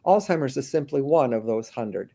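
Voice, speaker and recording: A woman working as a memory care consultant, answering interview questions with lively acted-out anecdotes and frequent restarts. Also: very deep voice, normal speed, gravelly. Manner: animated storyteller, slips into voices of the people she describes; frequent restarts and thinking aloud.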